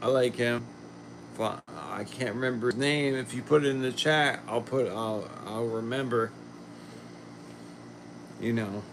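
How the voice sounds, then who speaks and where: A man from Philadelphia hosts a casual livestream while a little sick, chatting with viewers and reading their comments. His medium-pitched voice is slow and rambling, often trailing off, against a noisy background.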